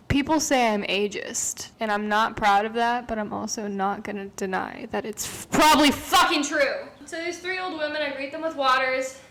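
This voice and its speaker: Swearing, animated young woman vlogger. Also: on the high side. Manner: rambling, animated storytelling with frequent swearing and fillers. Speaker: restaurant server and vlogger. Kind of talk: casual storytime vlog. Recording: echoey room with faint hiss.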